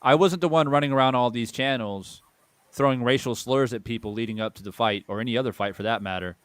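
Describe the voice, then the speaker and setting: A man's voice: mid-range voice, quick pace, a bit bright, smooth, dry recording. A man hosting a boxing channel, delivering a heated opinion monologue and repeating phrases for emphasis.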